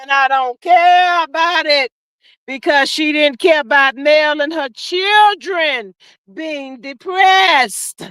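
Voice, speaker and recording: A woman hosting a casual livestream with a high, bright voice. She drawls and reads out comments with sassy, preachy asides. The close microphone sounds dry, with almost no room around it. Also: slow pace, no echo. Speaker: livestream host.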